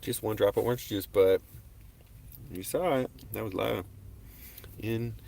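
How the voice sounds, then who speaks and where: Gravelly laid-back man rambling on a livestream. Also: lowish voice, measured pace, mellow. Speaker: livestream host. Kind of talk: casual livestream talk. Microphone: webcam on a desk.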